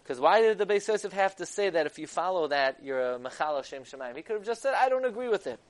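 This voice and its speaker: A man giving a text-study lecture. He reads Hebrew sources and explains them in English, growing loud and emphatic at key points. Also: high voice, lively intonation, fast talker, few pauses. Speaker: Torah lecturer.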